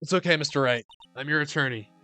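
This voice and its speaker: A man voicing a calm, reassuring female defense attorney with a gentle, steady delivery. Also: fairly high pitch, fast, a little hiss or hum, pitched above the performer's own voice.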